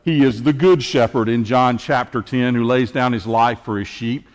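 A man preaching an Easter sermon as pastor, earnest and measured, with emphatic pauses. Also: mid-range voice, in a large hall.

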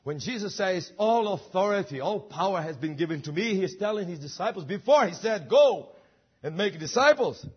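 A man's voice: sits high, expressive, fairly quick, few pauses, husky, dull audio. A man preaching a sermon, emphatic and full of rhetorical questions. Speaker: pastor.

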